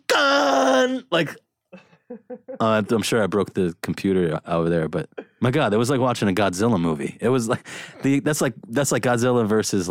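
A man's voice: on the low side, dry recording, clean studio sound. A man hosting a casual chat, rambling and joking with frequent laughs and swearing. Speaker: podcast host.

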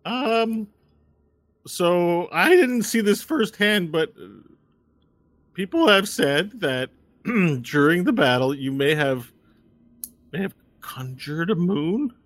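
A man's voice: high-pitched, animated, slow, pauses often, a bit bright, no echo, voice pushed up, exaggerated voice. A man voicing Walnut, an anxious young female messenger in a tabletop game who stammers and rambles. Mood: flustered.

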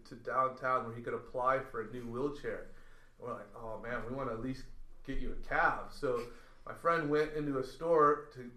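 Guy telling a story on a podcast, acts out voices, roomy echo. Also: mid-range voice. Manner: animated storyteller, acts out quoted lines. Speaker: podcast guest. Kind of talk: casual storytelling.

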